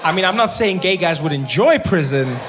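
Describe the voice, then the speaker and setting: A man performing stand-up comedy, telling his stories in an animated way and slipping into the voices of the people in them. His voice sits a little higher than most men's. There is a faint noise under his voice. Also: fairly quick. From South Africa.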